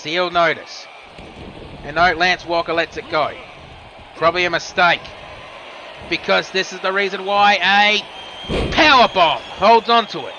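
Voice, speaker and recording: A man's voice: high-pitched, noisy background. Man calling wrestling play-by-play. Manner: rapid move-by-move calling with casual asides. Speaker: wrestling commentator. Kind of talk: play-by-play commentary.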